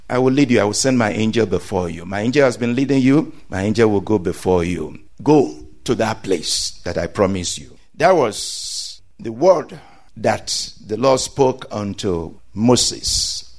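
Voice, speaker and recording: A man preaching a sermon, explaining scripture in an animated way and acting out the quoted voices. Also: mid-range voice. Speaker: pastor.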